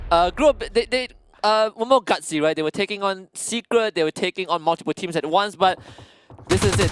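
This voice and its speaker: A man's voice: sits high, fairly bright tone, slight background noise. A man doing live esports play-by-play, giggling and exclaiming as he calls the action. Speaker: esports caster.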